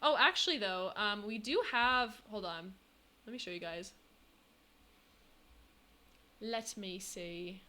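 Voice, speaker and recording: A woman's voice: medium pitch, lively intonation, moderate pace, pushed and bright. A young woman streaming live, chatting casually and thanking her viewers, bubbly and giggly.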